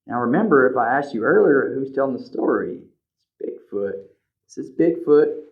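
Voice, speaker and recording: A man reading a picture book aloud to children as a librarian, animated, pointing out the pictures and asking questions. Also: medium pitch, normal speed. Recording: slightly dull lo-fi recording.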